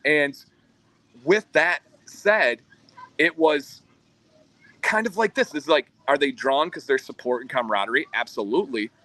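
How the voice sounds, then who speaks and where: A man's voice: on the high side, measured pace, sharp tone, no room sound, poor audio. A man co-hosting a livestream, earnestly telling a story about his community. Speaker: co-host. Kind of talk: livestream chat.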